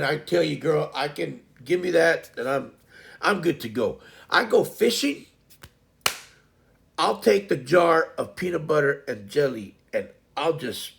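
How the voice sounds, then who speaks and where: A man's voice: fairly high pitch, gravelly. A man in his fifties hosting a live stream, chatting casually in a folksy, meandering way with lots of fillers and restarts. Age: 50s. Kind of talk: rambling casual chat.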